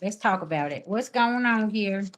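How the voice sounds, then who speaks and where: On her live stream, this spiritual reader fires back at chat comments with sass and bluntness while chatting casually. Her mid-range voice is animated and keeps a moderate pace.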